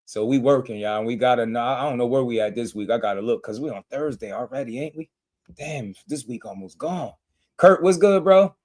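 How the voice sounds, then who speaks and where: Man, livestream host, slangy casual chat, mid-pitched voice, shout-outs to viewers. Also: fairly quick.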